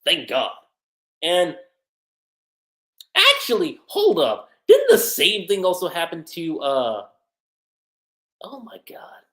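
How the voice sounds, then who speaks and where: Slow, animated man reviewing manga. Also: fairly high pitch, echoey room. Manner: animated, chatty, frequent laughter and fillers. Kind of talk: casual livestream commentary.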